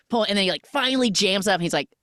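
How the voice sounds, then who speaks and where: A woman hosting a podcast, recapping a film in a casual, animated way with lots of "like" fillers. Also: mid-range voice, quick pace, no room sound, studio quality. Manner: animated storytelling with frequent "like" fillers. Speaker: podcast host.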